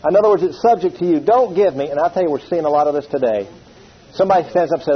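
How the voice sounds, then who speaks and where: Preaching at a quick pace in a fairly high voice, a middle-aged man tells stories, acts out quotes and calls on the congregation to respond in animated call-and-response. The sound is dull and lo-fi.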